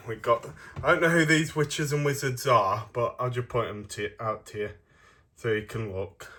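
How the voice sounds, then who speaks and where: A man's voice: medium pitch, pushed and bright, slight background noise. A young man giving a casual review of a toy set, rambling and hesitant with many ums.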